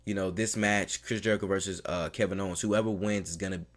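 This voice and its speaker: A man reviewing a wrestling show in casual talk, rambling like an excited fan with lots of fillers. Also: low-pitched, quick pace. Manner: mimics the people he quotes in a raised voice.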